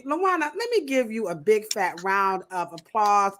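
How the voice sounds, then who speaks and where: A woman hosting a casual podcast livestream, talking in a playful, animated way. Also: medium pitch, normal speed. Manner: animated, playful, acts out quoted voices. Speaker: podcast host.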